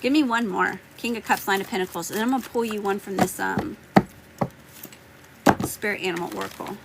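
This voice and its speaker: A woman's voice: mid-range voice, a little fast, vocal fry, very noisy. A woman with a Southern US accent giving live tarot readings, chatting and greeting viewers by name. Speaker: tarot reader.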